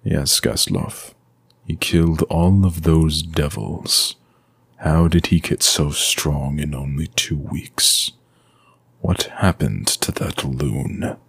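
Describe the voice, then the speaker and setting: A man voicing a cold, commanding male vampire lord with a deep, low voice in an audio story. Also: steady tone, slow, vocal fry, a bit bright, slightly rough, dry recording, exaggerated voice. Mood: brooding.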